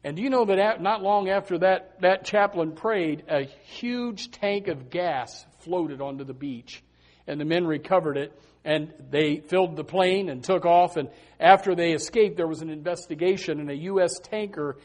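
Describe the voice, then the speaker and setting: A man preaching a sermon, telling stories with animated emphasis and a lot of repetition. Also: a little high, normal speed.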